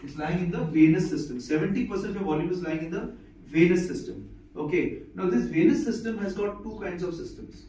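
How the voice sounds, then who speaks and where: A man's voice: sits high, fairly quick, mellow, a little hiss or hum. A man lecturing a live class, repeating key points and checking whether his listeners follow. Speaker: medical lecturer. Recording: echoey, distant, muffled room recording.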